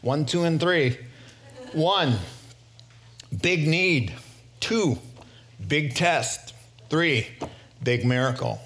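Higher-voiced, lively man preaching. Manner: lively storyteller, often chuckling while he preaches; swings between quick asides and slow, weighty phrases. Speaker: pastor. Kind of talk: sermon.

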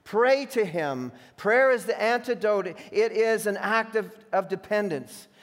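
A high-pitched male pastor delivers a sermon in a big hall with a long echo. He swings from emphatic, ringing points to hushed, needling asides. He voices the imagined whispers of temptation. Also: a little slow. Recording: long reverb of a large hall.

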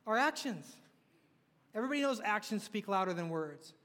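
Male preacher, lively sermon delivery, high register, reverberant hall. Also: brisk. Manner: animated, asks the audience questions.

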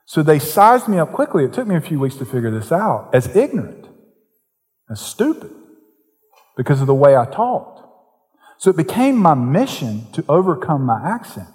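Southern pastor preaching in a reverberant hall. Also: male voice, fairly high pitch, sing-song, moderate pace, a little mellow. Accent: softened Southern US. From Western North Carolina. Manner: conversational preaching that builds to fervent emphasis. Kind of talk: sermon.

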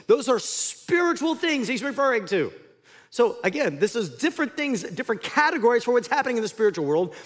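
A man preaching a sermon as pastor, swinging from loud emphatic lines to hushed ones. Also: very high-pitched, brisk. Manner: animated, dramatic swings between loud and hushed. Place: church sanctuary. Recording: reverberant church hall.

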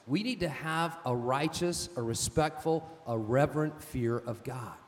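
A man's voice: sits high, normal speed. A male pastor preaching a sermon, telling stories with emphasis and asking "amen?". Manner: emphatic, storytelling, calls out "amen?". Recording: long reverb of a church hall.

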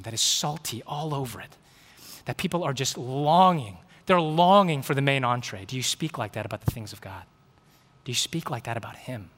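A man preaching a sermon with storytelling, animated and acting out the dialogue in his stories. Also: mid-range voice. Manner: animated, acts out quoted dialogue. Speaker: pastor. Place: church sanctuary. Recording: reverberant hall.

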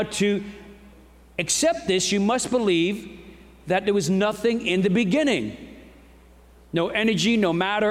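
A man delivering a Sunday sermon as pastor, speaking earnestly and emphatically, posing rhetorical questions to the congregation. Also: high voice. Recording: long hall reverb.

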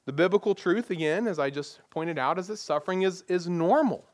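High-voiced pastor preaching. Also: male voice, brisk. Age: adult parent. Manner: rhetorical questions, plain conversational preaching. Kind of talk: sermon.

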